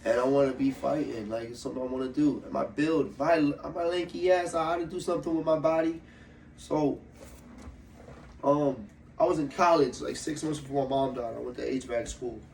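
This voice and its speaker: A young man from Ohio, an MMA fighter, telling his story in a loose, profane, animated way during a casual interview. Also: mid-range voice, a little fast, gravelly, reverberant. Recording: slightly distant mic with faint room noise.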